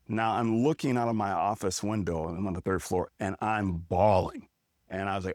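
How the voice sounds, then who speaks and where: A middle-aged man from Milwaukee telling a personal story as a podcast guest, in a deliberate, unhurried way. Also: fairly low pitch, darkish tone, no echo, studio quality. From Milwaukee, United States. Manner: measured, deliberate storytelling with drawn-out words. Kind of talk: casual storytelling interview.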